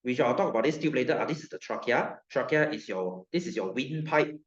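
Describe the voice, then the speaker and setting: Joking Malaysian science teacher in a classroom. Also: male voice, medium pitch, brisk. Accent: Malaysian English. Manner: lively, joking, repeats himself, tosses questions at students. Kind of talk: classroom lecture. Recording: roomy classroom, dull lo-fi sound.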